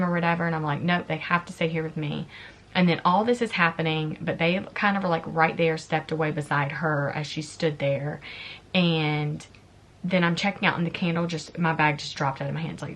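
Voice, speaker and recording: Emotional woman vlogger, lowish voice. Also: fairly even intonation, moderate pace, a bit bright, a little hiss or hum. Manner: emotional, tearful storytelling. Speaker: beauty vlogger. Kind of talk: casual chat.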